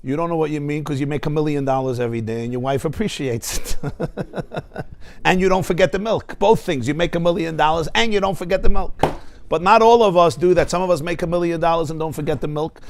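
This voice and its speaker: A man, a rabbi, teaching a class with animated stories and rhetorical questions. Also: on the high side, fairly quick. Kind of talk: Torah class lecture.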